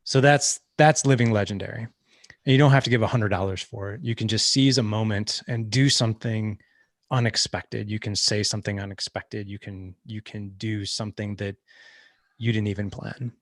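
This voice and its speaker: Gravelly low-voiced man telling a story. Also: steady tone, moderate pace, dry recording, clean studio sound. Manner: earnest storyteller, many restarts. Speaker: guest. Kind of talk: casual storytelling.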